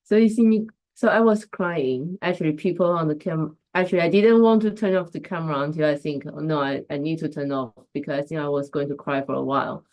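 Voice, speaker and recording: A woman's voice: low voice, fast, hardly any pauses, a little mellow. A woman hosting a casual live stream as a coach, talking reflectively and greeting viewers by name. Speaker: host and coach.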